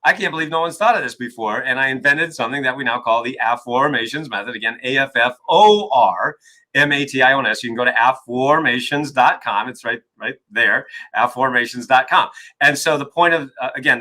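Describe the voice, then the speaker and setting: Bright-voiced man, emphatic and animated. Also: mid-range voice, rough recording. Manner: emphatic, repeats "right?" often. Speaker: guest author and coach. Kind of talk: energetic interview talk.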